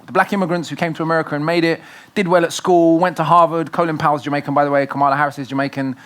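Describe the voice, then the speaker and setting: Man, author guest at a festival, quick, forceful, argumentative delivery. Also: a little high, flat delivery. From Britain. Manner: fast, emphatic, argumentative storytelling. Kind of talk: festival conversation.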